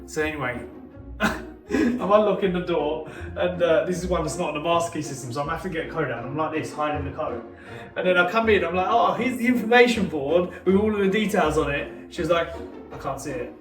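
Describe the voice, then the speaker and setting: A young man with a fairly high voice tells a story in an animated way, acting out the dialogue as he goes. He sounds echoey and a little away from the mic. Music plays clearly underneath. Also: brisk, distant mic. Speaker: property investor. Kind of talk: casual storytelling vlog.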